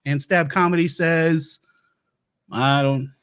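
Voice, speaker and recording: An actor playing an eccentric doomsday prep lecturer who hosts a comedy talk show, rambling and sometimes turning mock antagonistic. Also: male voice, a little high, steady tone, takes it slowly, fairly bright tone, clear, resonant tone. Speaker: host.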